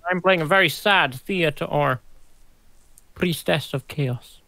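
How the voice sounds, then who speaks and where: A chatty man introduces himself as a player in a tabletop game, in a fairly high, bright voice. His sound is close and dry, with no room around it. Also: slow pace, dry recording. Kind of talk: casual chat.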